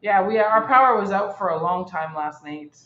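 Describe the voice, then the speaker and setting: A woman's voice: mid-range voice, expressive, normal speed, a bit bright. A woman co-hosting a casual chat show, teasing her partner and greeting viewers by name. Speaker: co-host. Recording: roomy, dull lo-fi livestream sound.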